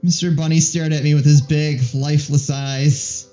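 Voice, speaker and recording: Man reading a game aloud, dark voice. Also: fairly high pitch, flat delivery, normal speed. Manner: playful, laughing, reads the narration. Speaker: let's play host. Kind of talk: reading a visual novel aloud with a partner. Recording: slightly dull recording with faint music.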